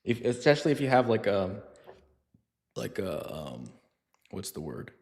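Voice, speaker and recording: A man's voice: on the low side, big pitch swings, unhurried, vocal fry, a little mellow. Casual male dog trainer, echoey hall. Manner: casual, chatty, lots of fillers, acts out scenes in funny voices. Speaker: dog trainer answering viewer questions. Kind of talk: live Q&A stream, casual talk.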